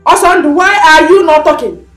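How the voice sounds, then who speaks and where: An actress with a Nigerian accent playing a quarrelsome pregnant wife in a film, speaking in a combative, scolding way. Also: female voice, sits high, normal speed, fairly bright tone, echoey room, faint music behind. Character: pregnant young wife, quarrelsome and sharp-tongued. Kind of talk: Nollywood film acting.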